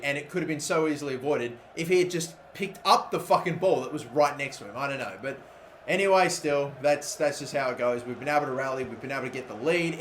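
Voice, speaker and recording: A young man giving casual commentary over a football video game, excitable and swearing when annoyed. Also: medium pitch. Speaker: gaming YouTuber. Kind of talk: gameplay commentary. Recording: echoey room with faint ambient noise.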